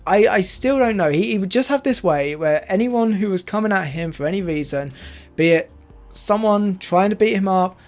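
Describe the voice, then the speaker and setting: A man's voice: sits high, lively intonation, normal speed, a little mellow. A man telling a personal story in a casual, rambling way, full of fillers.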